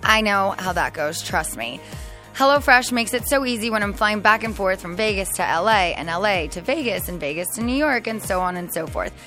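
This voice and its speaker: A bubbly woman hosting her podcast, chatting casually and giggling easily. Her voice sits at an ordinary middle pitch, and faint music hums beneath it. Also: animated, brisk, hardly any pauses, bright, forceful tone. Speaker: podcast host. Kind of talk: casual chat.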